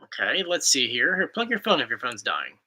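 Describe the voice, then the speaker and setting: Young male host, chatty and playful, bright and animated delivery. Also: medium pitch, brisk, poor audio. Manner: rambling, playful, reads comments aloud. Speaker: YouTube host. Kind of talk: casual chat reading viewer questions.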